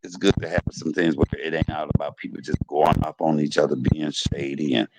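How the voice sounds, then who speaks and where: Middle-aged man, stream host, earnest and repetitive, low gritty voice, hissy call audio. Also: flat delivery, brisk. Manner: earnest, repeats himself, cuts in with "hold up". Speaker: livestream host. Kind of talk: casual live-stream chat. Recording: noisy online stream audio.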